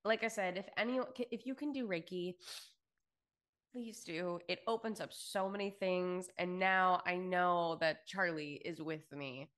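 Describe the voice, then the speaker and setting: A woman's voice: fairly low pitch, a little slow, a bit bright. A woman co-hosting a podcast in casual chat, effusive and full of fillers and swearing. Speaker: podcast co-host.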